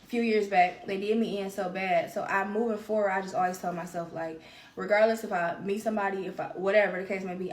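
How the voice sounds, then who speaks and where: A woman's voice: mid-range voice, fairly even intonation, fast talker, recorded from a distance. A woman hosting her own podcast, talking candidly and at length about her feelings, repeating phrases for emphasis. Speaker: podcast host. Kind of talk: solo confessional podcast talk. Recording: roomy echo.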